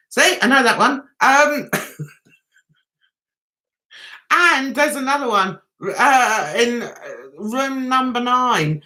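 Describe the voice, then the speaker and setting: A woman's voice: fairly high pitch, lively intonation, slow, long pauses, pushed and bright. A woman with a London accent hosting a casual livestream, rambling and chatty with viewers, laughing and singing snatches of songs. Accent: London English. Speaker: livestream host.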